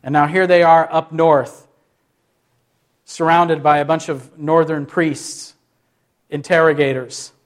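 Male pastor, fairly high voice, preaches in a sermon style with questions and quick acted-out lines. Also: flat delivery. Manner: asks questions and acts out short quotes.

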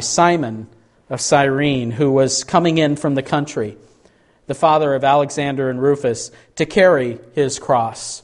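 A man preaching a sermon, speaking earnestly and reading scripture with dramatic emphasis. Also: medium pitch.

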